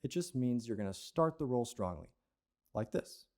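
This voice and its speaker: A man's voice: medium pitch, expressive, moderate pace, a little mellow. A man teaching an advanced percussion lesson, explaining patiently and checking in with "okay?" and "right?" as he goes. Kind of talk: instructional lesson.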